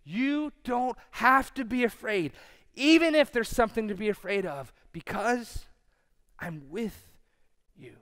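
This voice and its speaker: A pastor delivering a sermon who swings from loud declarations to hushed lines and acts out listeners' reactions. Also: male voice, extremely high pitch, lively intonation, a little slow, smooth.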